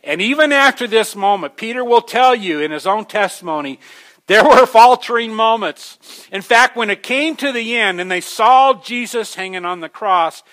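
A man preaching a sermon in a conversational way, restarting phrases, rising to emphatic peaks and then dropping low. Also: expressive, normal speed, fairly bright tone. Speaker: pastor.

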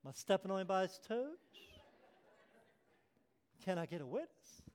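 A man preaching a sermon as pastor, swinging from hushed prayerful tones to loud emphatic passages and acting out quoted voices. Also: sits high, very animated, normal speed.

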